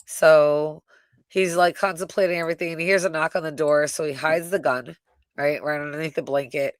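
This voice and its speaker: A woman co-hosting a live review, retelling scenes in an animated, casual way with frequent swearing and "right?". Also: low-pitched, brisk, no room sound, clean studio sound. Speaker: co-host reviewing a TV episode. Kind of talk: casual live recap chat.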